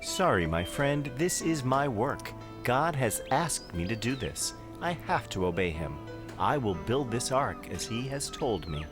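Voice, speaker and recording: Guy playing noah in a kids cartoon, slow and earnest, swings up and down a lot, music under it. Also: medium pitch, very animated. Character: calm pious male biblical patriarch. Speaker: narrator and Noah in a kids' cartoon. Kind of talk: scripted children's cartoon narration.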